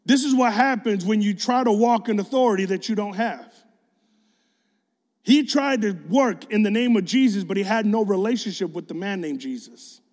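Male preacher, high voice, relaxed slangy sermon delivery, long reverb of a large hall. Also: normal speed. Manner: casual, slangy storytelling.

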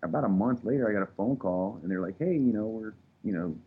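Fast-talking low-voiced man, lo-fi. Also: breathy edge. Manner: rambling, profane, animated storytelling. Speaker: tattoo artist guest. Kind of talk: casual storytelling. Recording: phone-like lo-fi sound.

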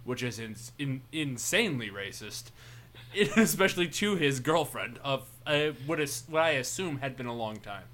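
A man's voice: mid-range voice, expressive, normal speed, a bit bright. A man co-hosting a podcast, reacting and joking in casual banter. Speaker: podcast co-host.

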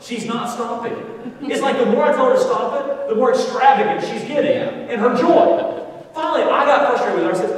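A middle-aged male preacher tells a story in a sermon, his voice very high-pitched and a little fast. He swings from quiet asides to loud excitement. The recording is made from far off in a large church hall.

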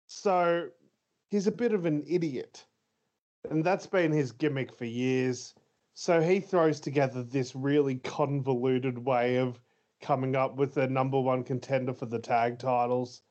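A man's voice: mid-range voice, a little mellow. A man co-hosting a casual podcast chat, rambling with lots of fillers and easy laughs. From Australia. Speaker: podcast co-host. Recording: slightly dull lo-fi audio.

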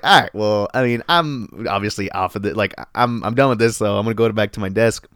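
Man, casual storytelling, profane, animated, dry recording. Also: lowish voice, a little fast, hardly any pauses, no room sound. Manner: animated, profane, laughing often.

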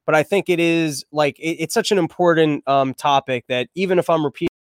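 A man's voice: a little high, brisk, no room sound, clean studio sound. A man hosting a podcast, riffing on the news in a crude, irreverent, rambling way. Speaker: podcast host. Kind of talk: comedic news commentary.

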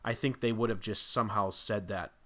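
A man with a fairly low voice talks casually as a podcast guest. He rambles, restarts his sentences and thinks aloud as he builds up an idea. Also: steady tone, fairly quick, sharp tone.

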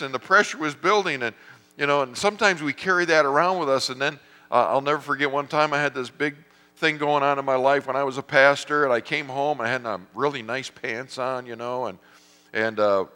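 A middle-aged male pastor preaching a sermon, telling animated stories and acting out voices. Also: mid-range voice. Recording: long hall reverb.

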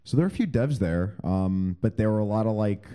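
A man's voice: on the low side, lively intonation, fairly quick, dark tone, clean tone. A man co-hosting a podcast in casual chat, rambling with many fillers and hesitations. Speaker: podcast co-host.

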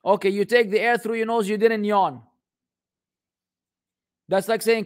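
A man with a fairly high voice runs a casual question-and-answer session. He answers bluntly, often exasperated and joking, and drops Arabic phrases into his talk. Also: fairly even intonation, a little slow, pauses often, smooth. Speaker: host answering viewer questions. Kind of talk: casual live Q and A.

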